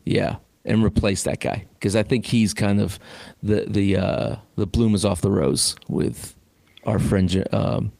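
A man's voice: lowish voice, fairly even intonation, a little slow, vocal fry, darkish tone, no echo. A man co-hosting sports radio, talking casually with hesitant fillers.

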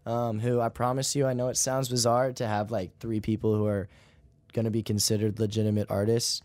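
A man's voice: lowish voice, brisk, no room sound. A young man, a musician guest in an interview, talking casually and rambling with lots of "like" and "you know". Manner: relaxed, rambling, heavy use of "like" and "you know".

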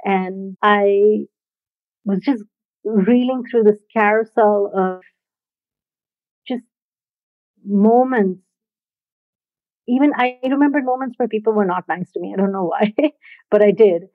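A woman casually telling a personal story in a reflective, halting way, often laughing softly between thoughts. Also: mid-range voice, no echo. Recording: dry, tinny phone-like sound.

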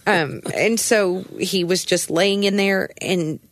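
A woman's voice: mid-range voice, slow pace, dry recording. A woman co-hosting a casual chat with her husband, teasing and agreeable. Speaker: podcast co-host.

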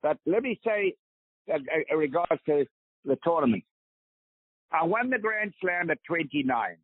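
A man's voice: on the high side, big pitch swings, moderate pace, dry recording. Emphatic older South African man on a phone line. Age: 80s. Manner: emphatic, preaching. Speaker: guest, veteran golfer. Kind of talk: phone interview. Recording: tinny phone line, dry.

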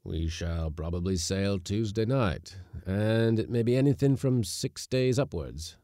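A man voicing a pompous, touchy male schooner skipper in a storybook reading, gruff and stern. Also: lowish voice, a little slow, mellow, dry recording, clean studio sound. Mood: musing.

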